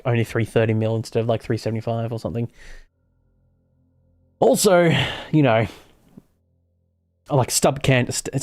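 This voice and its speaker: A man's voice: medium pitch, darkish tone, no echo. A man chatting casually and rambling while streaming a game live. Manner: rambling, chatty, self-interrupting. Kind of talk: casual live gameplay chat.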